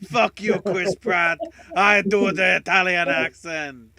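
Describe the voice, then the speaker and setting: A man putting on a loud, cheery cartoon plumber with an exaggerated Italian accent. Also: high voice, steady tone, measured pace, crowd noise, pitched above the performer's own voice. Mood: boisterous.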